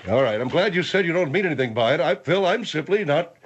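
A man's voice: fairly high pitch, expressive, fast, husky, dull audio. A man voicing a stiff, formal older man who over-explains himself, in a radio comedy bit. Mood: stuffy. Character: pompous long-winded older man, the General.

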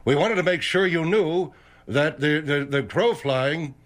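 A man puts on a wisecracking old general on a radio panel. His voice is phlegmy, cracks, and sits somewhat high. He needles the host with dry teasing. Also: unhurried, close to an everyday voice. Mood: needling.

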